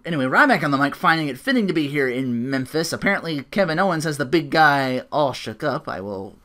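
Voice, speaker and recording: Solo podcaster ranting through a recap: lively pitch, bright edge, swears freely, self-mocking. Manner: profane, ranting, quick asides; self-deprecating, laughs at own jokes. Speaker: podcast host.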